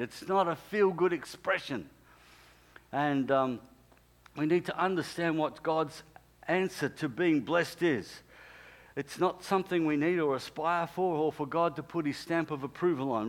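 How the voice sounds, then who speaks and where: A man, preaching a sermon as a pastor and telling a story with emphatic, repeated key phrases. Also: fairly high pitch.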